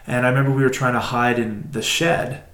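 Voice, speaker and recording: A man co-hosts a podcast and tells a long story in a loose, chatty style. He rambles, fills his sentences with "like," and gets animated. His voice sits at a middle pitch and carries a noticeable room echo. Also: fairly quick. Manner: animated, rambling, many "like" fillers. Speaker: podcast co-host. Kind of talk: casual storytelling. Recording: roomy echo.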